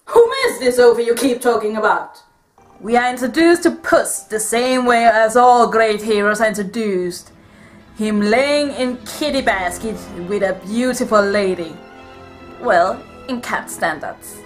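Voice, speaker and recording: A woman's voice: on the high side, unhurried, soft background music, lightly acted. A woman playing a proud swashbuckling masked heroine with a put-on Spanish accent, speaking formally and grandly in a comedic movie review. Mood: grand narration.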